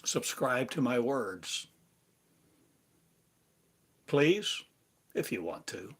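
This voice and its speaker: A man giving a slow, meditative spiritual address, drawing out his phrases and sometimes trailing off into a whisper. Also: medium pitch, very animated, breathy edge. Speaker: spiritual teacher.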